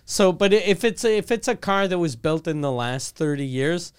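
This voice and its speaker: Smooth-voiced man rambling on a podcast. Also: on the high side, lively intonation, moderate pace. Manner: rambling and profane, with many restarts. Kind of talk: casual podcast chat.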